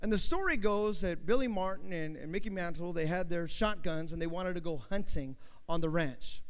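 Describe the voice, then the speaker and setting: High-voiced preacher telling a story, lots of uhs, big echoey hall. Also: male voice, normal speed. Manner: animated storytelling with fillers. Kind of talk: sermon. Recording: long hall reverb.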